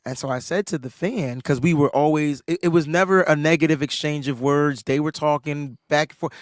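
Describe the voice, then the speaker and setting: This podcast co-host, a little under the weather, shares a sports tale in casual talk at a fairly quick pace, getting animated and higher-pitched when excited. It's a dry, studio-quality recording.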